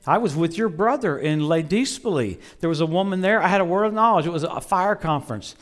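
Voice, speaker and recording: Middle-aged male preacher, high-pitched, animated storyteller, loud peaks and hushed asides. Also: fairly quick. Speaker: visiting preacher. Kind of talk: storytelling sermon.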